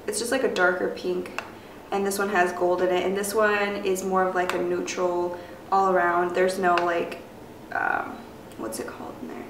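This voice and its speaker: A young woman chatting loosely through a beauty product review, her voice raspy because she has just woken up, full of fillers and rambling asides. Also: medium pitch. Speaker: beauty vlogger. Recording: echoey room, mic at a distance, faint noise.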